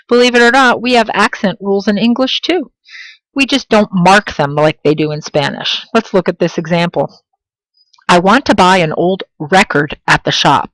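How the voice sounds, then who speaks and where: A woman teaching a video language lesson, pronouncing example words slowly and clearly and encouraging her students directly. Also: lowish voice, a bit bright, no room sound, rough recording. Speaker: Spanish teacher.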